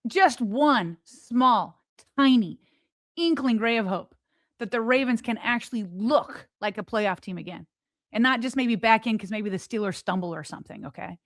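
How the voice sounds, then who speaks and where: A woman's voice: a little high, fairly bright tone, no room sound, clean studio sound. A woman co-hosting a sports podcast, giving impassioned commentary full of rhetorical questions. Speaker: podcast co-host.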